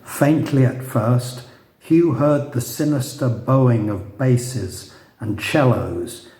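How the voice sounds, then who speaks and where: A man reads his own novel to a listening crowd, his storytelling dry and broken by hesitant asides. His voice is low and mellow, his pace slow. The sound is roomy, with an echo off the walls. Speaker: author. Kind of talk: reading his novel aloud to an audience. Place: room with a live audience.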